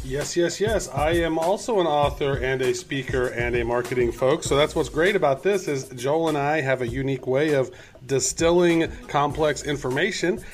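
A man's voice: a little high, normal speed, faint music behind. A man co-hosting a podcast, upbeat and enthusiastic. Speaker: podcast co-host. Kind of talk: casual podcast banter.

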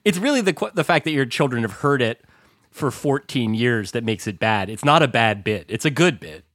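A man co-hosting a chat podcast at a middle pitch, wry and a little rambling, with the odd casual curse. His voice is recorded close, with no room sound around it. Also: expressive, moderate pace, fairly bright tone, dry recording. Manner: wry, discursive, swears casually. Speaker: podcast co-host.

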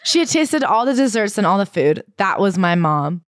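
A young woman co-hosts a comedy podcast in a snarky, mocking tone. Her pitch sits in a middle range, and the recording is dry with no room echo. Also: big pitch swings, normal speed. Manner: sarcastic, laughs often, mocking asides. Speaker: podcast co-host. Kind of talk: casual comedic recap chat.

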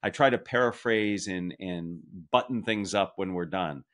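A man's voice: deep voice, normal speed, a bit bright. A middle-aged man answering as a podcast guest, methodical and explanatory, who sums up his points at the end. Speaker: communication author and guest.

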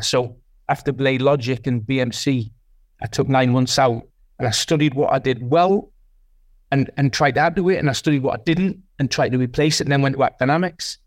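A man at a middle pitch talks in a casual podcast interview. He rambles and restarts often while he reflects on his own growth. The sound is dry and close. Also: no echo. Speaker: guest, sales leader.

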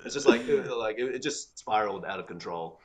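Lively Australian-accented man, quick and bright. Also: lowish voice, a crowd in the background. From Singapore. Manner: animated, laughing storyteller. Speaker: podcast guest, actor. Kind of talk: casual chat.

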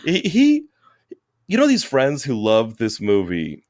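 A middle-aged man hosts a casual podcast. He jokes and swears freely and often breaks into laughter. His pitch swings widely, and his voice sounds dry and close. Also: wildly swooping pitch, moderate pace, no echo. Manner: joking, profane, laughs often. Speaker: podcast host.

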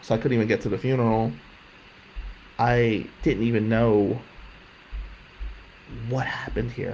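A man with a gravelly, creaky voice tells his own story candidly and at length. He rambles, circles back, and swears when he's upset. A faint hiss sits behind his voice. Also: mid-range voice, fairly even intonation, measured pace, long pauses, darkish tone, poor audio. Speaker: guest telling his life story. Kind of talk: emotional personal storytelling. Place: jail visiting room.

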